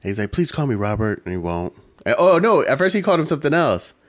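A man's voice: mid-range voice, fast talker. A man casually recapping a movie with friends, swearing freely and acting out lines. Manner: profane, animated retelling with quoted lines. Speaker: podcast co-host.

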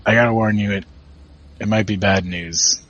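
A tough female orc, played by a man at a gaming table, who talks plainly and stumbles over apologies. The voice sits low with a bright, forceful edge. The audio is dull and lo-fi. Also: fairly even intonation. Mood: earnest. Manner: plain-spoken, halting, apologetic.

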